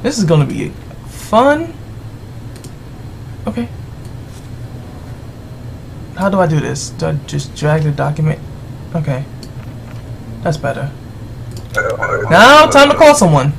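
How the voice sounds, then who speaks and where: Gravelly voiced gamer rambling through a let's play, swings up and down a lot, gets fed up and yells at people on screen. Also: mid-range voice, sing-song, slow, pauses often, a little hiss or hum. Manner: exasperated, rambling, yells at game characters. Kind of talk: gameplay commentary.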